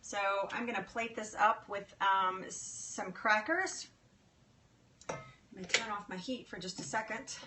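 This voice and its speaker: There's a noisy background as this medium-pitched woman speaks without hurrying. She hosts a laid-back cooking livestream at home, chatting, laughing plenty, and addressing her viewers by name.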